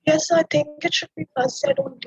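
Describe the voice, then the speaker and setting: A woman's voice: very high voice, expressive, brisk, gravelly, lo-fi sound. A female student answering physics exam questions over a video call, hesitant and unsure of her answers.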